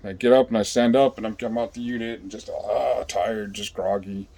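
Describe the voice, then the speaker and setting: A man telling a story in a casual, rambling way, swearing a lot and filling pauses with ums and you-knows. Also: on the low side, fairly even intonation, warm tone. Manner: rambling, profane, with many fillers.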